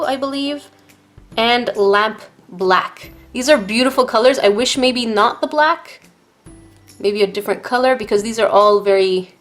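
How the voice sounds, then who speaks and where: A woman's voice: medium pitch, fairly bright tone. A woman vlogger chatting casually to viewers while unboxing art supplies at her desk, gasping and exclaiming over each item.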